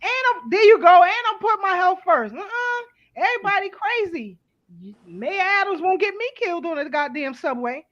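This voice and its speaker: A middle-aged woman, hosting a casual panel talk, blunt and animated, swearing freely. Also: very high voice, moderate pace, lo-fi sound. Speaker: host.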